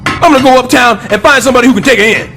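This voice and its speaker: An actor voicing a blustering middle-aged building super in an animated sitcom, boastful and sarcastic. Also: male voice, extremely high pitch, racing, faint music behind, full character voice.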